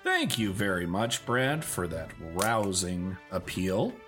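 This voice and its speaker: A man's voice: deep voice, very animated, slow, music in the background. A man hosting a podcast in casual chat, playful and teasing. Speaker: podcast host.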